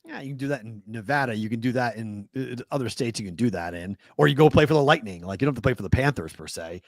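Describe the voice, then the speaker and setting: A man's voice: medium pitch, fast, no room sound. A man with a Boston accent co-hosting a sports betting talk show, casually talking through games, thinking aloud and correcting himself.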